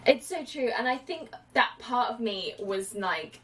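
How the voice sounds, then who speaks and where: A woman's voice: a little high, unhurried, a little hiss or hum. Chatty woman film podcaster, mic a bit distant. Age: late 20s. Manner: chatty, animated, many fillers and quoted asides. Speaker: podcast host. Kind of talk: casual film podcast chat.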